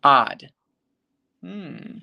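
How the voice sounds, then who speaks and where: An English teacher leads a live online session, carefully and slowly saying example words, naming students to answer, and checking often that they understand. The mid-range voice is animated and creaky, and the recording is lo-fi with a noisy background.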